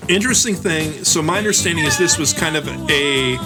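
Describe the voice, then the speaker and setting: A man's voice: on the high side, a little fast. A man co-hosting a podcast, teasing his friends and telling what he knows in casual banter. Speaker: podcast co-host. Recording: music playing under the voice.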